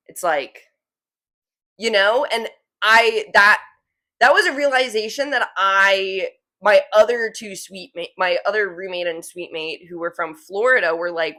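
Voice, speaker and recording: A woman's voice: medium pitch, animated, moderate pace, sharp tone. Chatty young woman from New Jersey. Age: 20s. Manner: chatty, fillers of "like", laughs easily. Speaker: vlogger. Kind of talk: casual chat to camera.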